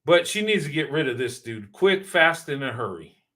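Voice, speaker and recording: Guy reacting to a clip, high sharp voice, preachy and emphatic, hammers his points over and over. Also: sing-song, moderate pace. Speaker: reaction video host. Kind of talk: casual commentary.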